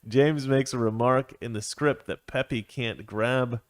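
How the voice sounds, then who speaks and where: A man's voice: medium pitch, slow. A man hosting an opinion commentary segment, sarcastic and digressive, often breaking into laughter. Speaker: commentary host.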